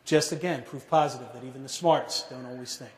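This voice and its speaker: A middle-aged man telling a personal story to an audience, measured and dramatic, dropping to a hush at grave moments. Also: medium pitch. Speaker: speaker telling a survivor story. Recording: echoey hall.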